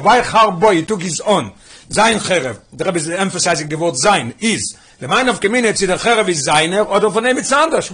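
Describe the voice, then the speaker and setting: A man with a high-sitting, somewhat bright voice and a breathy edge teaches a class on a Talmudic text. He works through the sources with repeated questions, mixing Hebrew and Yiddish terms into his English.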